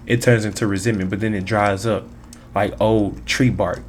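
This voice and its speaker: Male tarot reader, lowish voice, emphatic and repetitive, casual street slang. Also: a little hiss or hum. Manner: preachy, emphatic, repeats phrases, slangy.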